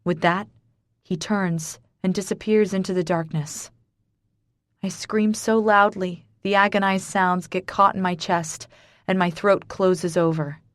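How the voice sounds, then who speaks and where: A woman's voice: on the low side, steady tone, unhurried, no room sound. A woman narrating a romance audiobook in the first person, intimate and dramatic.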